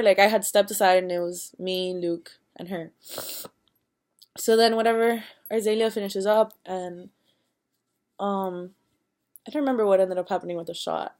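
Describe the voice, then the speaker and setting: Young woman in her twenties rambling thru a story, swears a lot, acts out the quotes. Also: mid-range voice. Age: young adult. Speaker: vlogger. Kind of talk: casual storytime.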